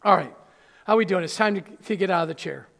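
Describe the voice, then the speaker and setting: A man preaching a sermon as pastor in a church, animated and acting out little scenes. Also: high-pitched, fast, vocal fry. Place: church sanctuary. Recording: church hall reverb.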